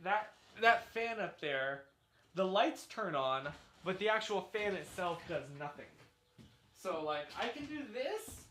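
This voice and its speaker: A man's voice: high-pitched, a little slow, slight background noise. A man hosting a casual live stream from a small room at home, chatting with viewers in a chatty, effusive way. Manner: chatty, animated, effusive congratulations. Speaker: livestream host. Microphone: desk microphone, sometimes turned away.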